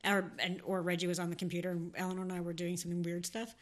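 A woman's voice: on the low side, quick pace. A woman with a mix of New Jersey and Southern accent, chatting casually as a podcast co-host and telling stories with frequent laughs. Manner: animated, laughs often, storytelling. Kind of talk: casual chat.

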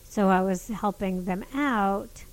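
A woman telling a story in casual chat, animated and swearing, with many restarts. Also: medium pitch, takes it slowly, low-quality recording.

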